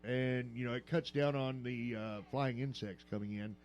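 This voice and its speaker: A man's voice: mid-range voice, steady tone, normal speed, a little hiss or hum. An older man hosting a morning radio talk show, joking and rambling with lots of fillers. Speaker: radio host. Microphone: studio microphone.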